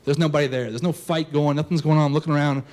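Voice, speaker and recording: A young man telling a personal story on stage before a live audience, casual and animated, full of "like" fillers. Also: on the high side, very fast.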